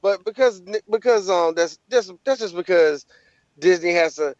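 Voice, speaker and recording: A man's voice: high-pitched, animated, normal speed, no room sound, highs cut off. A man co-hosting a podcast in casual banter, riffing in a rowdy, profane way. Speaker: podcast co-host.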